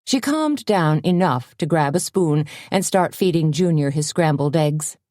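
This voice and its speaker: Low-voiced woman narrating a story. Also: measured pace, no room sound, studio quality. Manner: steady storytelling. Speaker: audiobook narrator. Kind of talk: scripted narration.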